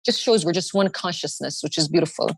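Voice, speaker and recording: Animated woman telling a personal story. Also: fairly low pitch, brisk, breathy edge, dry recording. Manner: animated, acts out quoted dialogue, swears freely. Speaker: podcast guest. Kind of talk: emotional personal storytelling in conversation.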